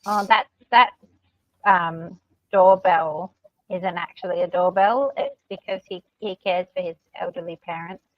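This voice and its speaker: A woman's voice: lowish voice, steady tone, a little slow, no echo. Australian woman chatting on a dull line. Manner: chatty, explains patiently with fillers. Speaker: livestream co-host. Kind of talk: casual chat.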